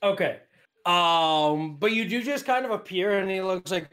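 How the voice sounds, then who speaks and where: A man's voice: sits high, moderate pace, fairly bright tone. A man with an English accent running a tabletop horror game as game master, narrating loosely with many fillers.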